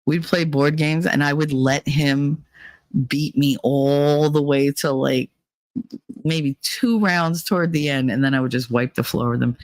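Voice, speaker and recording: A woman's voice: sits low, fairly even intonation, measured pace, dry recording. A woman chatting casually on a livestream, swearing freely as she tells stories and answers chat. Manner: profane, storytelling, mimics others in quotes. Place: away from home, traveling.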